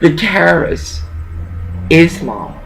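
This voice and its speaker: A woman's voice: on the low side, expressive, slow pace, gravelly, slight background noise, rough recording. An older woman delivering a rambling, profane vlog rant, dropping in Spanish words here and there.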